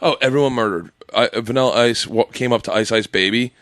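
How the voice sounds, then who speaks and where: A man on a podcast telling stories in casual chat, excitable and profane, often laughing as he talks. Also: mid-range voice, fast. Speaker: podcast guest.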